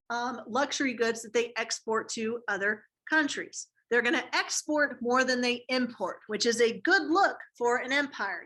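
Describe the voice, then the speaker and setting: A woman's voice: a little high, bright, forceful tone. A woman teaching a history class in a casual, slangy way, asking students questions as she goes. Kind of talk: classroom lecture.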